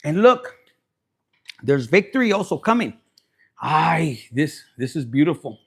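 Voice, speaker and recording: A man's voice: on the high side, sing-song, unhurried, breathy edge. A man giving a raunchy, joking live tarot reading, slipping in Spanish. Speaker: tarot reader.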